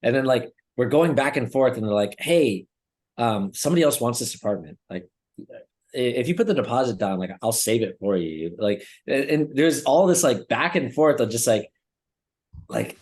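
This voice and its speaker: With lively intonation and a darkish, medium-pitched voice, a young man tells a story at a moderate pace. As a podcast co-host in casual chat, he rambles, leaning on fillers and profanity.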